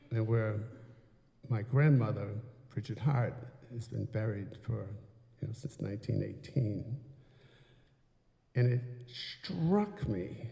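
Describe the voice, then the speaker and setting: A man's voice: mid-range voice, vocal fry, mellow. An older American man tells a rambling story onstage between songs at a concert in a church sanctuary, chatty and meandering with many fillers. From United States. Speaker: folk performer telling stories between songs. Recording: roomy live sound in a hall.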